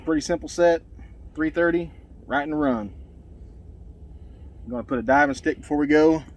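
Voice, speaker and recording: A man's voice: fairly high pitch, moderate pace. A man, narrating his trapline outdoors in a folksy, rambling way with lots of fillers, somewhat out of breath. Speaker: trapper. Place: outdoors by ponds.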